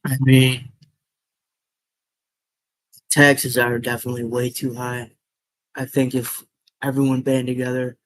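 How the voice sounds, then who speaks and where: A man rambles casually through his opinions, hesitating and repeating phrases. He speaks in a very flat, monotone way, and the recording is dry and close. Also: mid-range voice, dry recording, low-quality recording.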